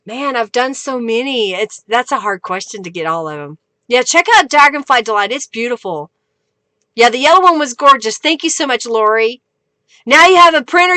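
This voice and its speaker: A woman's voice: a little high, pushed and bright, dry recording. A woman hosting a live craft stream, chatting casually, reading viewer comments and laughing often. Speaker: craft livestream host. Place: home craft studio.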